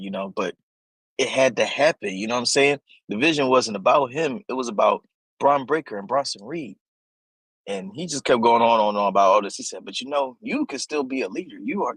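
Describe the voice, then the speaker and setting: A man co-hosting a casual podcast, retelling a story in a relaxed, dry way. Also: mid-range voice, breathy edge, no room sound, low-quality recording. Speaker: podcast co-host. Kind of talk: casual wrestling recap chat.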